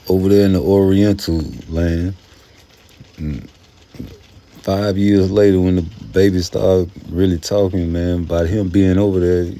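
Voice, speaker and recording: Low and dark in tone, the man's voice moves little in pitch and runs a little slow. A boxing commentator, he rambles profanely through a casual rant to camera, now and then mocking people with put-on voices.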